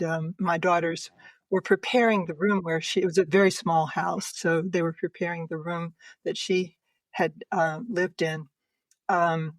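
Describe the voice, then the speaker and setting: An older woman, a podcast guest, earnestly and emotionally telling a personal story, laughing softly between sentences. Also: fairly low pitch, no room sound.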